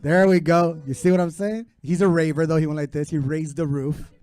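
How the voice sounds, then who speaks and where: A man's voice: fairly high pitch, fairly even intonation, brisk, a little mellow, clear, resonant tone, dry recording. A man hosting a comedy club show, bantering loosely with the crowd and introducing the next comic. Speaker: show host.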